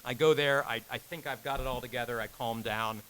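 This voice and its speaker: Brisk and fairly even in intonation, a game director in his thirties relates a long personal story to a live audience in a convention panel room. He still acts out quoted lines with sudden pitch leaps and laughs while speaking, his voice bright and forward. The low-quality recording has a faint hiss.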